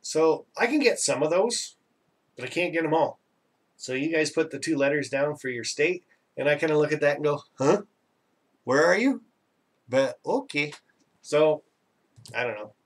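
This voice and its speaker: A man's voice: fairly high pitch, animated, normal speed, far from the mic. Chatty Canadian man a bit off-mic. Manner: chatty and rambling, self-teasing, laughs often. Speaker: live stream host. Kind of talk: casual live chat reading viewer comments.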